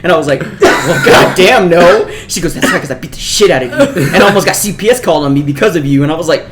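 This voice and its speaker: A man's voice: a little high, very fast. A young man co-hosting a podcast in casual chat, a jokey storyteller who acts out his family's lines. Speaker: podcast co-host.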